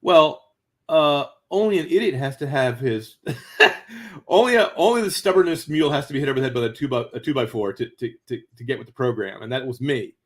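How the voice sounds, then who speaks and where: A man talking as an interview guest, telling stories with stammered restarts and quick chuckles, jumping up into a high excited voice when acting out what people said. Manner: animated, jumps to high excited pitch acting out quoted voices. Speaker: guest author. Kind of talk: conversational interview storytelling.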